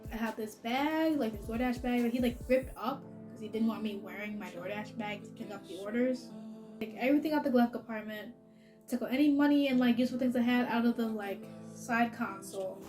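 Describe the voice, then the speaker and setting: A woman's voice: on the high side, fairly quick, a little mellow, faint music behind. A young adult woman telling a personal story in a casual, chatty way, peppering her speech with "like" and laughing often. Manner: chatty, heavy use of filler "like", laughs often. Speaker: vlogger.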